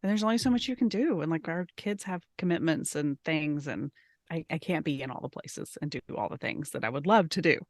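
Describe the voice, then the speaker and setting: A woman co-host with a somewhat low voice, speaking candidly and reflectively in casual chat and sometimes trailing off mid-thought. She still has a slight cough, and her voice is recorded dry and close, with no room sound. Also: animated, brisk, dry recording. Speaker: podcast co-host.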